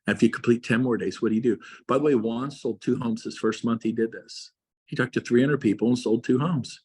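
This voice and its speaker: A middle-aged man with a husky, slightly breathy voice at an ordinary male pitch delivers a fired-up motivational talk to fellow realtors. He hammers his points with repeated phrases, and his voice leaps higher and louder whenever he pushes hardest. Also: a little fast. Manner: passionate, emphatic, repeats phrases, big swings in pitch and loudness.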